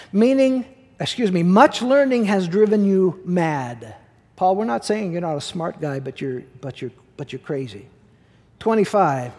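Emphatic high-voiced male pastor preaching. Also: a little mellow, big-room sound. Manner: emphatic, repeats key words, conversational asides. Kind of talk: sermon.

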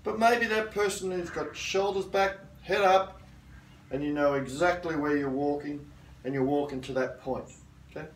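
Firm middle-aged karate instructor, roomy. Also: male voice, a little high, moderate pace, a little hiss or hum. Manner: firm, assertive, checks in with "okay?". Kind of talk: self-defence lesson. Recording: roomy sound from a distant mic.

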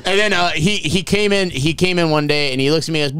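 A man's voice: fairly high pitch, fast talker, clear, resonant tone, no echo, studio quality. A man co-hosting a casual podcast, telling bar stories with lots of swearing and laughter. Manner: animated storytelling, swears and laughs often. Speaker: podcast co-host, bartender.

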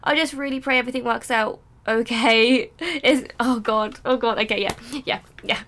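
High bright-voiced woman ranting. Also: normal speed, a little hiss or hum. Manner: emotional, ranting, swears freely. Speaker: reaction channel host. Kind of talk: casual reaction commentary.

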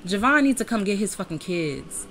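A woman's voice: medium pitch, lively intonation, normal speed, fairly bright tone, slight background noise. A young adult woman giving casual, laughing gameplay commentary, chatting to viewers with lots of slang and cursing. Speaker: Let's Play creator.

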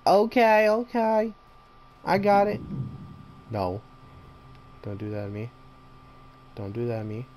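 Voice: mid-range voice, a little mellow, slight background noise. A gamer giving commentary on a horror game, jumpy and slangy, talking to the monsters and breaking into panicked repeated screams.

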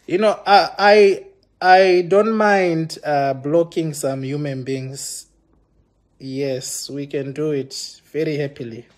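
Speaking slowly with fairly even intonation, a London man with a very high voice rants hotly at his livestream audience. He sounds impassioned and accusatory, often tripping over himself and starting his sentences again.

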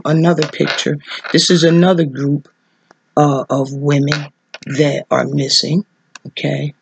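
Fervent gravelly-voiced woman preacher. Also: darkish tone, dry recording. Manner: fervent, repeats rhetorical questions, voice leaps high with emotion. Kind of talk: impassioned preaching vlog.

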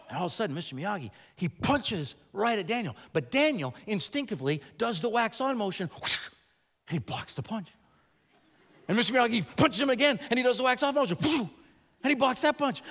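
A man preaching a sermon to an audience in a large chapel, moving from animated storytelling to quiet, earnest appeals. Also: very high voice. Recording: long reverb of a large hall.

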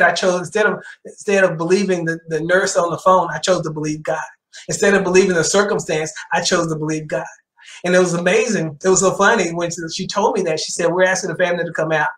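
A man's voice: high-pitched, steady tone, fast talker, a bit bright. A middle-aged man, a church elder, preaching a sermon and telling his own testimony, repeating phrases for emphasis. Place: church sanctuary. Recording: roomy church echo.

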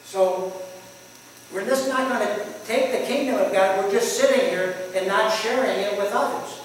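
A man's voice: high voice, moderate pace. A pastor in his eighties giving a folksy sermon, telling his own testimony and chuckling at himself. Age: 80s. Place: church sanctuary. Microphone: distant room mic. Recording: echoey hall from far off, faint hiss.

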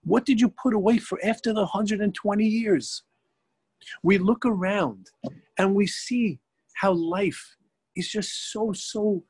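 A middle-aged man, a rabbi, teaching a religious class as a lively storyteller who acts out the people in his tale. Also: high-pitched, slightly rough, no room sound.

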